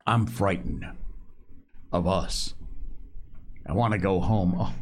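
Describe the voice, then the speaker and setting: A man voicing a shaken boy leader who speaks low and halting, full of despair. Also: husky, full character voice. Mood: stricken.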